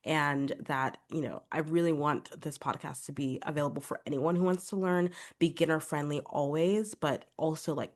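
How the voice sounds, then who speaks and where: Low-voiced congested woman podcaster. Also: a little mellow. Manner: chatty, upbeat, many filler "like"s. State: congested from a cold. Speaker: podcast host and vocal coach. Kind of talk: casual solo podcast talk.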